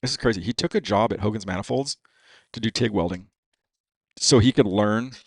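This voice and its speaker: A man with a low, gravelly voice tells a story at a rambling pace, peppering it with swearing and "dude." The sound is close and dry, with no room around it. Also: fairly quick, no room sound. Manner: profane, rambling, heavy use of "dude" and "you know what I mean". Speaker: podcast guest. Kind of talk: casual storytelling.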